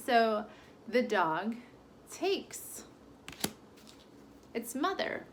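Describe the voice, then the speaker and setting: A woman's voice: medium pitch, expressive, takes it slowly, pauses often, slight background noise. A woman who reads tarot, telling a channeled fable in a meandering, casual way with side remarks. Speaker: tarot reader. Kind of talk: channeled storytelling.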